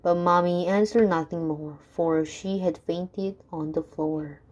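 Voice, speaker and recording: Woman, reading rhyming children's poems, very slow, lowish pitch, rhythmic. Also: fairly even intonation, a little mellow, slight background noise. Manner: measured, rhythmic. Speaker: reader.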